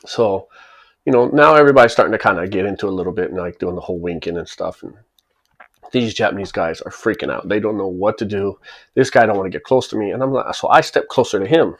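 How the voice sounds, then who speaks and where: Forties man, lower voice, spins a laid-back true story with chuckles and quick impressions. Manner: chuckles as he tells it and acts out the people in the story. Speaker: channel host telling a personal story. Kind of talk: casual spoken anecdote.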